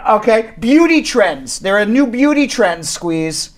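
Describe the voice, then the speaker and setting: A man's voice: high voice, very animated, a little slow. A man co-hosting a live radio and stream show from a law office, rambling, teasing and correcting himself as he talks. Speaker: immigration attorney and co-host.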